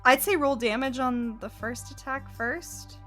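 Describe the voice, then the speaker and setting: A woman acting as game master, narrating a tabletop game and making relaxed rulings. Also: high voice, a little slow, soft background music.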